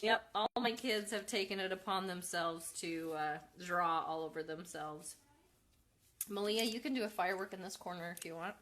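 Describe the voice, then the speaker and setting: A mother hosting a home craft livestream, with a bright, clear tone that carries well. She talks in a loose, chatty way, full of ums and quick self-corrections, while reading out viewer comments. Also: lowish voice, slight background noise. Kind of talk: casual live demo, reading viewer comments. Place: at home with her kids.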